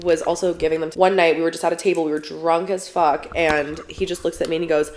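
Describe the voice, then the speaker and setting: A woman's voice: sits low, level tone, fast talker, darkish tone, slight background noise. A young woman chatting on a podcast, rambling through a story with lots of fillers and swearing. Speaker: podcast guest. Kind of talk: casual podcast chat.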